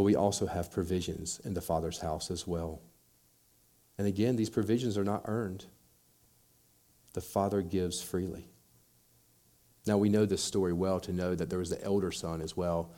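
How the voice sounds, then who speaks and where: A man's voice: low voice, fairly even intonation, normal speed, pauses often, mellow. A man preaching a sermon, acting out quoted voices and building in intensity as he makes his points. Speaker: pastor.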